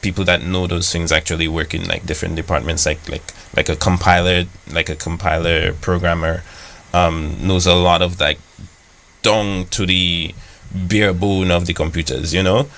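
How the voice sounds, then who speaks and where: A young man from Dominica, a software engineer guest on a radio interview, explaining things casually with lots of "like" fillers. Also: low voice, level tone, normal speed, rough recording.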